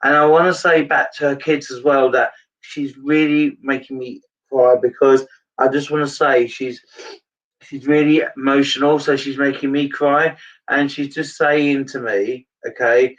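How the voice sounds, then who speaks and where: A man's voice: on the high side, moderate pace, fairly bright tone, far from the mic, dull audio. A man giving a live mediumship reading, talking earnestly and rambling with frequent restarts.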